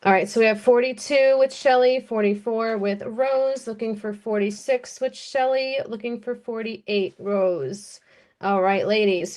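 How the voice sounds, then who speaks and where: This is a woman with an American accent conducting a live-stream auction of jewelry. She chats easily and doesn't rush, announcing bids and describing the pieces in a medium-pitched voice.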